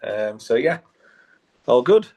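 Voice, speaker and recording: A man on a podcast panel, speaking haltingly with many fillers. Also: medium pitch, big pitch swings, muffled recording. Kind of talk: casual podcast chat.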